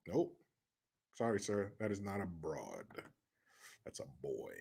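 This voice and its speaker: A man's voice: low-pitched, wildly swooping pitch, slow pace, gravelly, long pauses, warm tone. A man hosting crude comedic commentary, ranting in a sarcastic, profane way. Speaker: commentary host.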